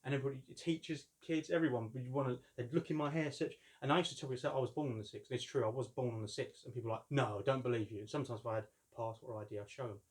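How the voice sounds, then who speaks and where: A man's voice: medium pitch, steady tone, rapid-fire, hardly any pauses, a little mellow. Rambling man of about fifty. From London, England. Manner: rambling storyteller, jokey, doing voices. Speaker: collector reviewing a figure. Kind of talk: casual chatty unboxing.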